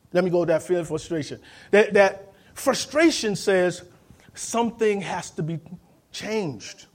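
A man delivers a lively sermon in a high voice, driving home each point and calling for the congregation to answer back. He slips into quick impressions of the people he quotes, then returns to plain, emphatic preaching. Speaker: pastor.

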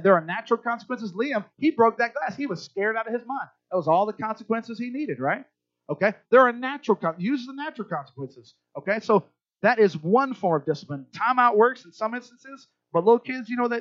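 A middle-aged man with a high voice preaches as pastor to a church crowd, keeping it chatty and conversational and often checking in with his listeners. The recording is dry, dull and lo-fi.

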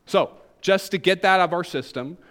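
A male pastor with a Southern US accent and a high-sitting voice preaches a sermon at a moderate pace. He's animated and jokes with the congregation.

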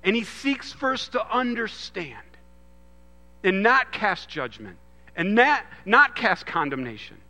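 A man in his thirties giving an earnest sermon, moving from loud emphasis to hushed storytelling. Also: sits high, sing-song, takes it slowly, long reverb tail. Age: 30s. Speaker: pastor.

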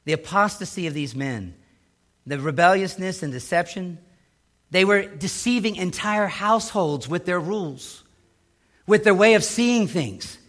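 A middle-aged male pastor delivers a sermon with a high, bright voice. He swings dramatically between loud, emphatic lines and hushed, low asides, giving the preaching a dynamic, animated feel. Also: unhurried.

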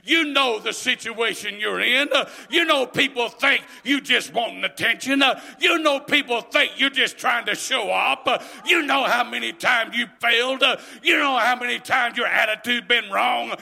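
A man playing a needling male devil, accusing and loud, very high, bright and gravelly voice. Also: moderate pace, hardly any pauses, full character voice. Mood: taunting. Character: taunting male devil tempter.

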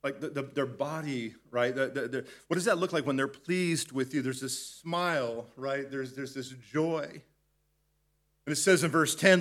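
A man's voice: medium pitch, a bit bright. A man leading a devotional Bible teaching in a conversational way, often restarting his sentences. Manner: conversational, halting with repeated restarts. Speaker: pastor.

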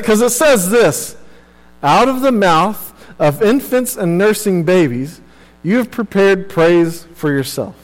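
Young male pastor, fairly high voice, earnest conversational sermon, long reverb of a church hall. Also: animated, takes it slowly, soft background music. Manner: earnest, conversational preaching with repeated phrases and asides.

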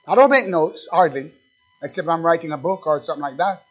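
High-voiced emphatic preacher, lo-fi. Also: male voice, animated, a little fast, breathy edge. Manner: emphatic, swings from loud to quiet. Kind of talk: sermon. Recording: dull lo-fi recording.

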